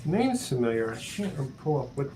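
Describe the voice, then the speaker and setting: A man's voice: medium pitch, sing-song, a little fast, crowd noise, low-quality recording. Chatty man musing on songs. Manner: chatty, thinking aloud. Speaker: panelist. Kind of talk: casual chat. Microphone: video call.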